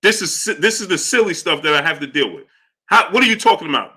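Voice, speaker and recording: A man's voice: fairly high pitch, animated, fast talker, pushed and bright, breathy edge. A middle-aged man hosting a live boxing talk stream, reading chat messages and repeating himself in exasperation. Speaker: boxing talk show host. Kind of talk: live-stream commentary reading super chats.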